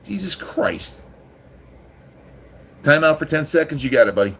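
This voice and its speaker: A man's voice: on the high side, very fast, a bit bright. Rambling, profane man streaming live. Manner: rambling, profane, irritated with chat. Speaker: livestream host. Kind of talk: casual livestream chat.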